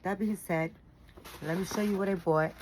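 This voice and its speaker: Brief: woman vlogger, low-pitched, worn out and yawning, rambling chatty delivery, faint room ambience. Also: steady tone, normal speed, darkish tone, slight background noise, poor audio. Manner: rambling, chatty, tired, with frequent fillers and swearing. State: tired and yawning. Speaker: doll collector vlogger. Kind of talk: casual chat to camera.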